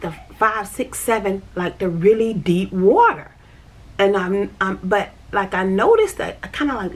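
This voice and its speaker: A woman's voice: mid-range voice, a little hiss or hum. A woman tells a personal story, repeating phrases as she vividly recounts the moment.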